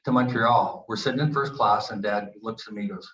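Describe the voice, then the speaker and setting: A man in his sixties from Canada, a retired hockey player telling animated stories at a book event and acting out the quotes. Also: lowish voice, quick pace, few pauses. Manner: animated anecdotes with acted quotes. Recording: echoey, dull room recording.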